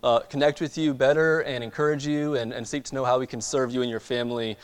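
A man's voice: mid-range voice, fairly even intonation, fast talker, clear, resonant tone. A male pastor greeting the congregation and preaching, hesitant and repeating words, with many fillers. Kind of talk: sermon with church announcements.

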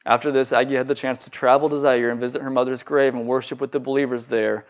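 A man's voice: medium pitch, flat delivery, fast, few pauses, lo-fi sound. A man preaching, telling a sermon story earnestly and stumbling over repeated words when he speaks freely.

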